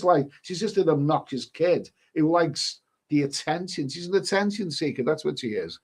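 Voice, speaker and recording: A man's voice: on the high side, a little mellow. Chatty man with a giggly ramble. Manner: rambling, chuckling, frequent restarts and "bloody". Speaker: live-stream host reading viewer comments. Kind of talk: casual live-stream chat.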